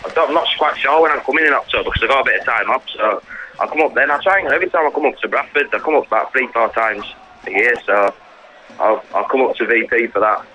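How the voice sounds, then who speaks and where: A man with a southern English accent calling into a podcast, relaxed and hesitant with lots of fillers. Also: medium pitch, fast, highs cut off, slight background noise. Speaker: caller. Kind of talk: casual chat.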